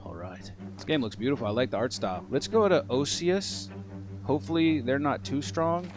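A man's voice: mid-range voice, normal speed. A man hosting a gaming video, joking and talking to the characters as he plays. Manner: excitable, joking, talks to the characters. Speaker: gaming channel host. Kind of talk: let's play commentary. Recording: game music underneath.

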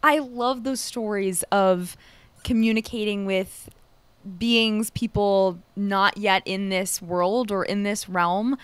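A woman's voice: mid-range voice, fairly even intonation, slow pace, clear, resonant tone, no room sound. A woman hosting a podcast, reacting effusively and asking her guest questions in casual chat. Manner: effusive, enthusiastic. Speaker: podcast host.

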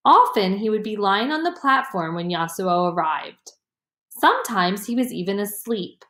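A woman reading a children's chapter book aloud in a gentle, expressive storytelling voice. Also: medium pitch, moderate pace. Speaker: audiobook reader. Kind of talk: slow storybook narration. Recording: roomy echo.

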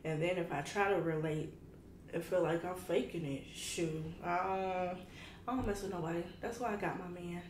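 A food vlogger in her twenties chats casually to camera while eating, candid and slangy, talking straight to her viewers. Her steady, slightly mellow voice is on the low side at normal speed, picked up by a camera mic in a roomy space with faint ambience and slight noise.

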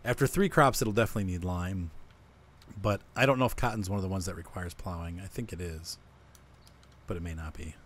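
His voice is low-pitched and a bit bright, and he speaks briskly. As the host of a co-op farming game let's-play, he casually explains his plans mid-game.

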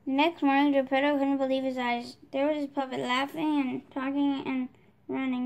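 A woman reading a children's storybook aloud, steady, with small restarts. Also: sits high, normal speed. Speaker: storybook reader.

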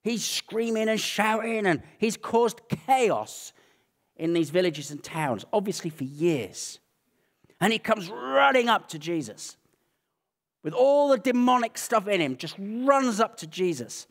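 A man with an English accent preaching a sermon, telling Bible stories with animated, acted-out energy. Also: high voice, a little slow. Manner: animated storytelling, acting out scenes. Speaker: pastor.

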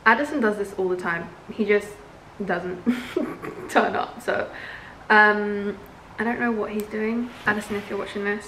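A young woman in her twenties, chatting excitedly to camera in a casual vlog recorded at home. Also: mid-range voice, normal speed, slight background noise. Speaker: lifestyle vlogger. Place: indoors at home. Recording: echoey room with background music.

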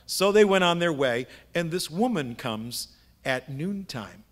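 A middle-aged pastor delivers a sermon in a fairly high male voice. He preaches like he is telling stories to friends and keeps tossing rhetorical questions at the congregation. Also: lively intonation, a little slow. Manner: conversational storytelling with rhetorical questions. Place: church sanctuary.

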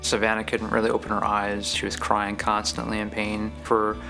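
A man giving a recorded interview about a family member, quiet and steady. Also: fairly low pitch, moderate pace, vocal fry. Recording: interview with faint music.

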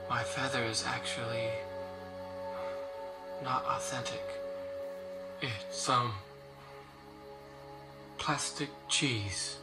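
A man voicing a dreamy, odd young hero who rambles deadpan nonsense. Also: medium pitch, extremely slow, pauses often. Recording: echoey, distant audio with loud music.

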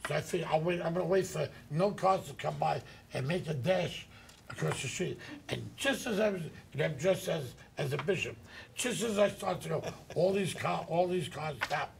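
Gravelly older male talk show host. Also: a little high, slight background noise. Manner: rambling storyteller, animated. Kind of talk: anecdotal chat.

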